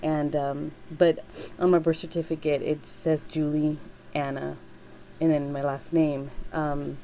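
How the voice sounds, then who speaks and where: A middle-aged woman chatting casually in a craft video, halting with many fillers and getting teary as she talks. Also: sits low, level tone, dark tone, a little hiss or hum, low-quality recording. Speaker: crafting channel host.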